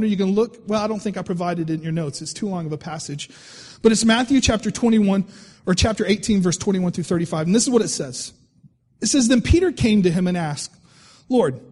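A man's voice: sits high, a little mellow, long reverb tail. A male pastor preaching a sermon in a conversational way, reading scripture aloud and often repeating his words.

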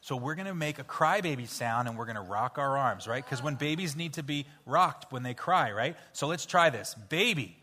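A man leading an interactive children's Bible story in church, playful and coaxing as he cues the kids to shout sound effects. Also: mid-range voice, lively intonation, moderate pace, few pauses. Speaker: children's pastor. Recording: hall reverb with faint music.

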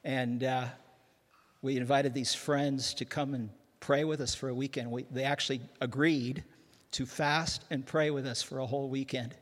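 An older man from Canada preaches to a church congregation with an easygoing, self-mocking humor. His voice sits at a middle pitch and trips over quick restarts. The sound carries a long reverb from the large hall. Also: steady tone. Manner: self-deprecating, joking, with frequent restarts. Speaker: guest pastor. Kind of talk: humorous sermon.

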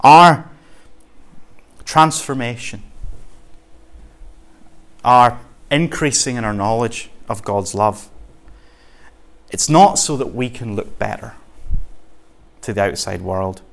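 A Scottish man preaching in a relaxed, chatty manner. His voice sits at a middling pitch, and he leans earnestly into his points with everyday examples. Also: slow, gravelly, long pauses. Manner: conversational and earnest, with homely examples. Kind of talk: sermon.

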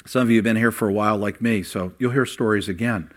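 An older man preaching a sermon, voice rising for emphasis and dropping low while he tells personal stories. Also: fast talker. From Ohio. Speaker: pastor.

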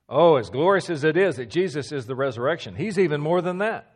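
A man preaching a teaching sermon, emphatic, repeating key phrases and dropping to a low hush for stress, with a few stammers. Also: lively intonation, fairly quick.

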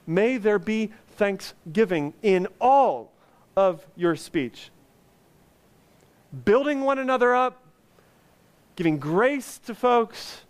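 A man's voice: high-pitched, animated, slow, long pauses, clear, resonant tone. A male pastor preaching a sermon, earnest and conversational with touches of humor.

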